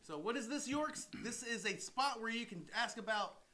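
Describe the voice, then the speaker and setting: A man's voice: very high voice, expressive, moderate pace, pushed and bright. A man who works as a loan officer, co-hosting a casual livestream in an easygoing way and reading out viewer comments.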